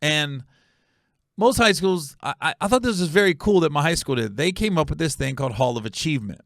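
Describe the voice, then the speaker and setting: A middle-aged man from Ohio spins a casual podcast story, acting out the lines of the people in it. His pitch leaps around and sits a bit high for a man. The recording is close and dry, with no room sound. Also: brisk, vocal fry, no echo. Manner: animated, acts out quotes, laughs at own story. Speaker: comedian and podcast host.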